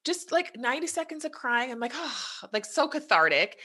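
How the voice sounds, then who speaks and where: A woman's voice: high voice, big pitch swings, a little fast, bright, forceful tone. A woman in her thirties or forties from the United States, a health coach talking earnestly with many "you know"s in a casual podcast chat.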